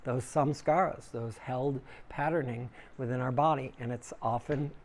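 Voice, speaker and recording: A man's voice: fairly even intonation, moderate pace. A man teaching yoga breathing to a small group in a room, casual and conversational, taking questions from listeners. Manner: casual and conversational, acts out inner voices loudly with big pitch jumps. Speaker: yoga teacher giving a dharma talk. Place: small room with a live audience.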